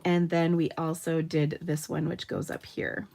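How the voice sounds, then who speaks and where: In a low, level, somewhat mellow voice with vocal fry, the card-making host speaks at a measured pace. She's a Minnesotan demonstrating live from her home craft room, chatting happily and laughing as she works.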